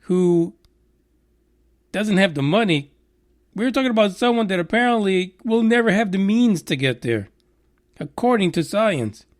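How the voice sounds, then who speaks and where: A man hosting a podcast, ranting sarcastically with blunt, profane commentary on the news. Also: sits high. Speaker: podcast host.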